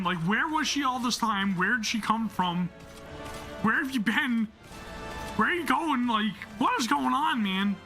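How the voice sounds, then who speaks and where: A man hosting a gaming channel, reacting excitedly to a game story, swearing, laughing and stumbling over words, and reading narration aloud in between. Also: high-pitched, measured pace, soft background music.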